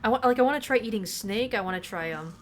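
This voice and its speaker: A woman's voice: fairly high pitch, lively intonation, fast. A young woman streaming a game, chatting casually in a rambling, profane way full of fillers. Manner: rambling and profane, heavy use of "like". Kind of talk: casual chat while gaming. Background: game music.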